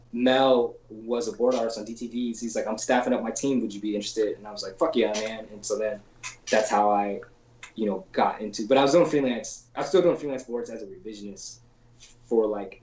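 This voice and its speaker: A storyboard artist appears as a podcast guest, telling casual anecdotes in an interview with a loose, slangy voice full of "like" and casual swearing. He speaks fairly quickly, his pitch on the low side, and slips into animated voices when quoting people. The call audio is roomy, a bit dull and lo-fi, with a little hiss or hum.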